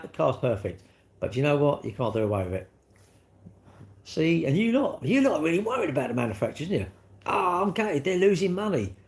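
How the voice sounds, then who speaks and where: A man's voice: a little high, vocal fry. A middle-aged British man chatting on a livestream, rambling casually and acting out little back-and-forth dialogues. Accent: British English. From United Kingdom. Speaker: livestream host.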